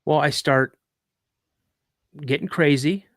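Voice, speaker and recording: A man's voice: on the high side, slow pace, dry recording, studio quality. A man hosting a live podcast, retelling a personal story vividly with frequent restarts. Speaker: podcast host.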